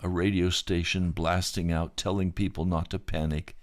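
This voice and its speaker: A man recounting a dream vision in the first person, halting at times, repeating words and restarting sentences. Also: low-pitched, flat delivery, no echo, studio quality.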